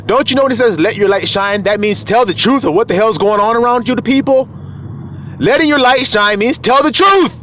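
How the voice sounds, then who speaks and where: A man preaches in a high, wildly swinging voice, jumping from shouts down to low, quiet asides. His rant is coarse and full of street slang, and a faint hum of noise runs behind him. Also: expressive, brisk. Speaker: self-styled preacher. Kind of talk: fiery profane scripture rant.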